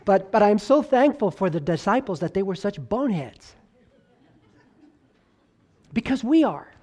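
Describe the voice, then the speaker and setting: Dramatic preaching man with big swings. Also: sing-song. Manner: dramatic swings from loud highs to hushed lows; stretches key words slowly for emphasis. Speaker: pastor. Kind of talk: sermon.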